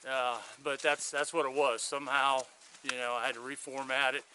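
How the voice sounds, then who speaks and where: Man, hiking vlog, outdoors, handheld camera, very bright voice, rambling chatty storytelling. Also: mid-range voice, flat delivery, moderate pace, slight background noise. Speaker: hiker vlogging his thru-hike. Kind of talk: casual trail vlog storytelling. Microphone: handheld video camera.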